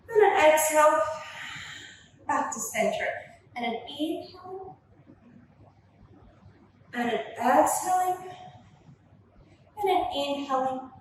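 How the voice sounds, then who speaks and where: A young woman leading a gentle Pilates workout with slow, soothing cues, filmed on a camera from across the room. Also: high voice, a little hiss or hum. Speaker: Pilates instructor. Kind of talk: guided workout instruction. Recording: echoey room, voice from a distance.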